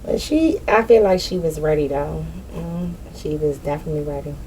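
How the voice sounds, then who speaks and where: A woman's voice: sits low, lively intonation, normal speed, mellow, slight background noise. Blunt, slangy woman doing a spiritual reading. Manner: candid, slangy, swears, talks straight to viewers. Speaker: spiritual reader. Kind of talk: casual spiritual reading vlog.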